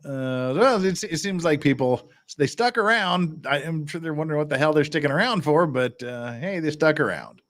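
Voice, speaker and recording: A man's voice: a little high, expressive, moderate pace, few pauses, fairly bright tone. A man hosting a casual livestream, chatty and full of restarts. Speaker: livestream host.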